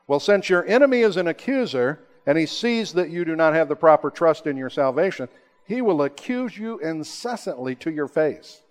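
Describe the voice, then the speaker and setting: A man preaching a sermon, rising to emphatic high peaks and then dropping to slow, hushed, low lines. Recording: long hall reverb.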